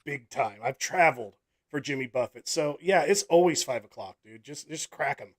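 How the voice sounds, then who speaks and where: A man running a live fantasy football draft over a video call, keeping up a loose, casual patter. His voice sits a little high and he laughs easily at his own mix-ups while he sorts out the screen. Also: animated, normal speed. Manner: casual, self-deprecating, laughs often. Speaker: podcast host and league commissioner. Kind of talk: live draft stream chat. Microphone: online video call.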